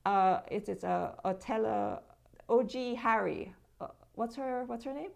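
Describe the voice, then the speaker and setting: A woman's voice: fairly high pitch, a little slow, vocal fry, a little mellow. A Jamaican woman from Jamaica, a social media creator, speaking as a guest in a conversational interview and firmly explaining her position.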